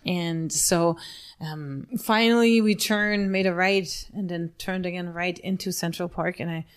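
A woman's voice: lowish voice, fairly even intonation, unhurried, clear, resonant tone. A woman in her forties co-hosting a podcast, telling a race story in casual chat and laughing at herself. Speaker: podcast co-host.

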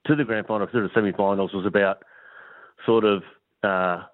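Eager caller on a phone line. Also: male voice, lowish voice, steady tone, fairly quick, dry recording. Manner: eager, repeats himself. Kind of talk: talkback phone call.

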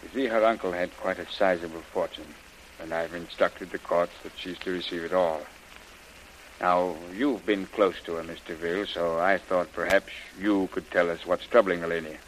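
An actor playing a concerned middle-aged governor, measured and paternal with hesitant pauses, in a hissy old radio drama. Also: male voice, deep voice, fairly even intonation, lightly acted, low-quality recording. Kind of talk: 1930s radio drama acting.

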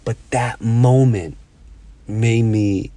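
A man's voice: mid-range voice, fairly even intonation, dark tone, no echo. Middle-aged man telling stories casually. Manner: storytelling, halting restarts. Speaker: podcast host. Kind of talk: casual chat.

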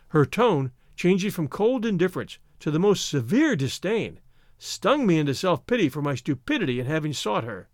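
A male audiobook narrator reads an old novel with expressive, dramatic delivery. His pitch is somewhat high and swings lively up and down. The recording is close and completely dry, with no room sound. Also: normal speed, dry recording. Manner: expressive, voices the characters' quarrels. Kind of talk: scripted narration of a classic novel.

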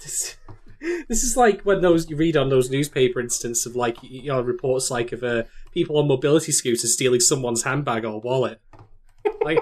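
A man co-hosting a casual podcast, teasing his partner with quick-witted banter. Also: mid-range voice. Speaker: podcast co-host. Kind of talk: casual anime discussion chat.

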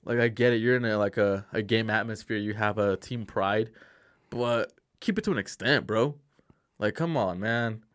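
A man's voice: fairly low pitch, moderate pace, no room sound, studio quality. A young man in casual chat, ranting with slang and swearing. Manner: profane, animated ranting with slang.

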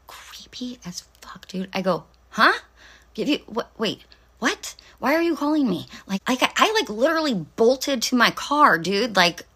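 A woman's voice: medium pitch, pushed and bright. A middle-aged woman telling a rambling, sarcastic story in a casual vlog rant, full of profanity and fillers. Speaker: vlog host.

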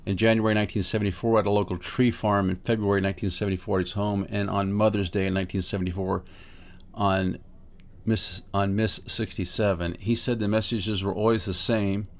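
A man's voice: lowish voice, little pitch movement, fairly quick. A man hosting a podcast, reading written accounts aloud and breaking off into his own plain spoken comments. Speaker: podcast host.

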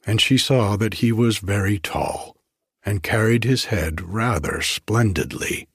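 Slow, husky male audiobook narrator. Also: fairly low pitch, no echo, studio quality. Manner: measured, expressive storytelling.

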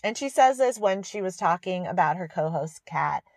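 A woman's voice: fairly low pitch, expressive, moderate pace, no echo, studio quality. A woman hosting a podcast, ranting sarcastically about a TV show with exasperated asides and laughs. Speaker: podcast host reviewing a TV show. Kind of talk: casual ranting review.

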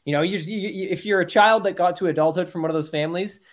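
A man's voice: high-pitched, fast. A man talking earnestly and emphatically as a guest on a podcast interview, with frequent restarts.

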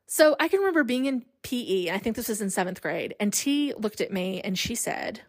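A woman's voice: a little high, sing-song, a little fast, no echo, studio quality. A woman in her thirties hosting a podcast, telling personal stories in a candid, self-deprecating way. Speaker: podcast host. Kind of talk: personal storytelling.

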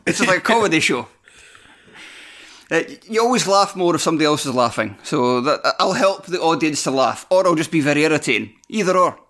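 Scottish man, podcast host, slightly high voice, self-deprecating and prone to swearing. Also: lively intonation, brisk, a bit bright. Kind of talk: casual football podcast chat.

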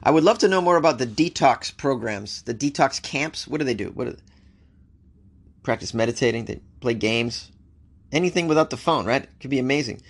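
An American man with a mid-range voice hosts a news show, speaking expressively and a little fast. He reads stories aloud and talks back to them with wry jokes in a casual commentary style.

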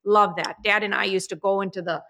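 Woman, mother of the bride, bright forceful voice, emotional storyteller, chatty. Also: mid-range voice, fairly even intonation, fairly quick, slight background noise. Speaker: podcast co-host, mother of the bride. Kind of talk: casual chat. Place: apartment.

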